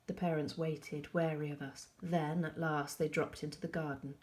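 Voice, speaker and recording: A woman teacher reading a novel aloud to pupils, calm and measured, with soft asides. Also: deep voice.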